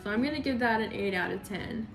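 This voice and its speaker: Woman vlogger, slightly high voice, giggly, hesitant, soft music underneath. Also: fast talker. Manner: giggly, laughs often, trails off and hesitates. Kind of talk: casual reaction commentary.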